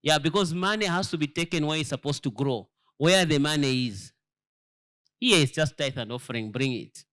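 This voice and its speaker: A Zambian church elder delivers a sermon-style lesson, emphatic and full of rhetorical questions, often repeating words while he searches for the next one. His voice is a little high, and the tone is clean.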